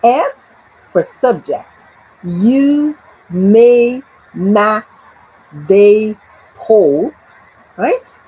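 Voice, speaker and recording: A woman's voice: medium pitch, animated, extremely slow, long pauses, dark tone, husky, low-quality recording. A Brazilian woman with a Portuguese accent teaching an English grammar lesson, drilling short phrases for students to repeat.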